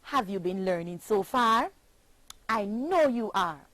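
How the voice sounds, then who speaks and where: Jamaican woman, teacher, children's phonics lesson, very slow, lilting up and down, dry close sound. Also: medium pitch, expressive, a bit bright, no echo, rough recording. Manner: slow, sing-song and emphatic, spelling words letter by letter.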